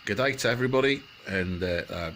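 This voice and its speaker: A man telling a rambling comic bedtime story, full of halting restarts. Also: fairly low pitch, a bit bright, a little hiss or hum.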